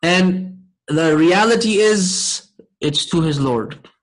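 A man teaching a Quran and Arabic lesson, checking in with his class often and reciting verses quickly. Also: fairly high pitch, animated, rough recording. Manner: asks the class frequent check-in questions, many fillers. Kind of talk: interactive online class lesson.

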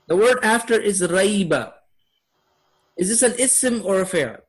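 A man with a fairly high voice teaches a class on Quranic Arabic. He keeps quizzing his students and laughs often as he goes. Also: lively intonation, measured pace, slightly rough. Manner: asks students questions, upbeat with laughs. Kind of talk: classroom lesson.

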